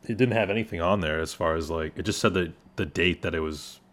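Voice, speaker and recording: Deep-voiced man hosting a casual podcast. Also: brisk, a bit bright. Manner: loose and jokey, with lots of "like" fillers. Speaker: podcast host. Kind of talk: casual chat.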